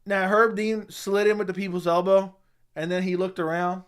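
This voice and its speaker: A man's voice: high voice, level tone, moderate pace, clean tone. A young man hosting a casual livestream, answering chat with crude, mocking trash talk and frequent laughter. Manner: laughs often. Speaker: livestream host.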